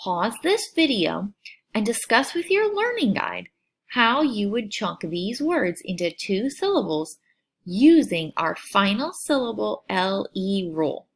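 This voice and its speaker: Slow, lively-voiced woman teaching phonics. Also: mid-range voice. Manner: slow, clear over-enunciation of syllables. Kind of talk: recorded phonics lesson for children.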